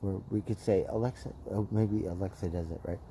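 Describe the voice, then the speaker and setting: A man's voice: deep voice, steady tone, a little fast, dark tone, a little hiss or hum, poor audio. Rambling, playful man hosting a livestream. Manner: rambling, playful, tags lines with "right?". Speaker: livestream host. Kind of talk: casual live-stream chat.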